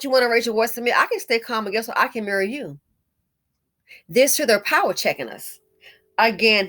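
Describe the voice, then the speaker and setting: A woman's voice: medium pitch, fairly bright tone. Indignant middle-aged woman commentator, emphatic and repetitive, fond of "honey". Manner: indignant, emphatic, repeats phrases; calls the listener honey. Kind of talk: casual video commentary.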